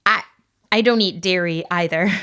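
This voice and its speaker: A woman voicing an anxious, earnest teenage girl who pleads in a high, breathless voice. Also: moderate pace, pushed and bright, clean tone. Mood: awkward.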